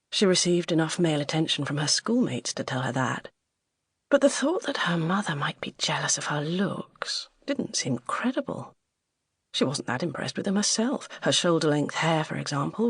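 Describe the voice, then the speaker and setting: British woman reading an audiobook, low husky voice, dry close sound. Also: no echo. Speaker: audiobook narrator. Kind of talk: scripted narration.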